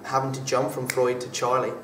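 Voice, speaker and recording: Hesitant young man, flat voice, far off. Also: medium pitch, a little fast. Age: young adult. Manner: hesitant, many fillers and restarts. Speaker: drama student actor being interviewed. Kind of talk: casual interview answers. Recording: echoey room from far off, faint background noise.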